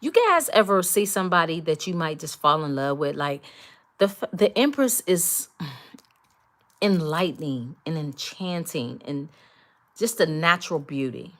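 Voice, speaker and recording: Woman, low voice, tarot reader, emphatic, repeats herself, talks straight to the viewer. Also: expressive, unhurried, a bit bright. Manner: emphatic, repetitive, speaks directly to viewers. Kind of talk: collective tarot reading.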